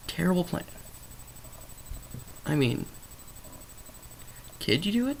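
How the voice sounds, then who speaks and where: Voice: medium pitch, sing-song, slow, gravelly, pauses often, slight background noise, poor audio. A vlogger rambling through an unscripted movie review, sarcastic and emphatic, often correcting themself mid-sentence. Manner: rambling, stream of consciousness, self-correcting.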